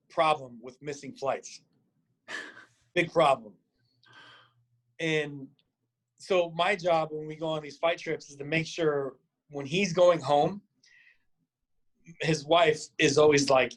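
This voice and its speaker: Man from Nebraska, middle-aged, boxing coach, casual storyteller, fairly high voice, lively quoted lines. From Nebraska, USA. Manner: animated, acts out quotes with big pitch jumps, swears freely. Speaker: boxing coach, podcast guest.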